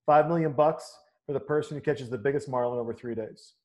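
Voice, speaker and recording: A man's voice: medium pitch, a little fast, a little mellow. A man in casual chat, telling a story in an easygoing way with chuckles.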